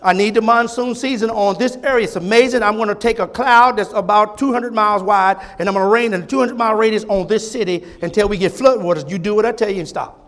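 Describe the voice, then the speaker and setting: A male preacher voicing God as a commanding male deity who gives brisk, matter-of-fact orders to storms and waves in a sermon. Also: high voice, a bit bright.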